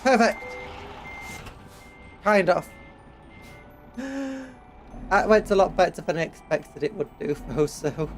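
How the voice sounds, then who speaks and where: High-voiced sniffly English male streamer. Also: animated, takes it slowly, long pauses, faint music behind, low-quality recording. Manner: chatty, reads chat aloud, hums little tunes while driving. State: sniffly from hay fever. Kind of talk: casual gameplay live-stream chat. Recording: game truck engine noise underneath.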